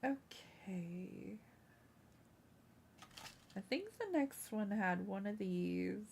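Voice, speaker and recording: Woman, livestream host, unhurried chatty talk, gravelly voice, fusses at her cat. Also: mid-range voice, animated, darkish tone, slight background noise. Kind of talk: casual livestream chat. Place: home room.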